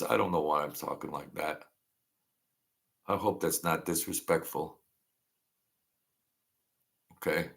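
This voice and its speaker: A man's voice: deep voice, vocal fry, sharp tone. A man hosting a casual livestream, rambling as he greets viewers by name and answers their comments. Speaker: livestream host.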